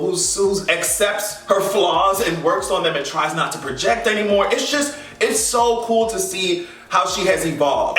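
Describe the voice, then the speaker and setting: A man casually ranting to camera about a TV finale, animated, profane and sassy. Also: high voice, reverberant, recorded from a distance. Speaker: vlogger reviewing a TV finale.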